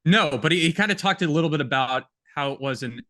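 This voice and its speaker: A man's voice: fairly high pitch, expressive, quick pace, bright, forceful tone, no room sound. A man co-hosting a film podcast, chatting casually and jokily and reading passages aloud. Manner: chatty, jokey, reads quotes aloud. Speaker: podcast co-host. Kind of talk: casual film-review chat.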